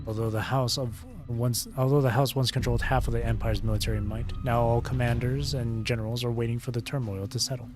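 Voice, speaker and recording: A man's voice: mid-range voice, fairly even intonation, brisk, hardly any pauses, over music, close to an everyday voice. A man reading a dutiful male conspirator. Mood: reporting. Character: loyal male conspirator reporting to his master. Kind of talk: reading game dialogue aloud on stream.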